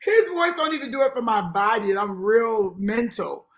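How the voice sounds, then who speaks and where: A woman guest in casual chat with a raspy voice, brash and swearing freely, laughing loudly. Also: a little high, normal speed, heavy background noise.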